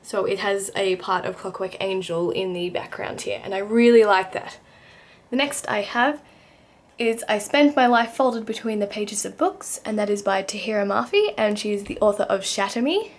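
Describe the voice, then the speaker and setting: A woman's voice: medium pitch, normal speed. A young woman chatting casually to the camera in her bedroom, giggly and self-deprecating, tripping over words and laughing at herself. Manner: bubbly, giggly and self-deprecating, with frequent slips and restarts. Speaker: book vlogger. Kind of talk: casual vlog chat.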